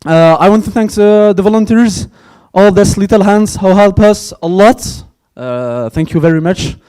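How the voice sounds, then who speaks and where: A man with a French accent, a native French speaker, giving a hesitant opening speech at a conference and thanking sponsors, with many pauses and fillers. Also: sits high, a little mellow, clean tone. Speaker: conference organizer. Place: conference hall.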